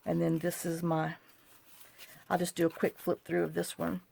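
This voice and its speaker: A woman's voice: lowish voice, monotone, moderate pace, vocal fry, warm tone. A woman, rambling and apologizing as she shows off a craft journaling project in a casual tutorial vlog, wired on too much caffeine. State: overcaffeinated. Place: home craft desk.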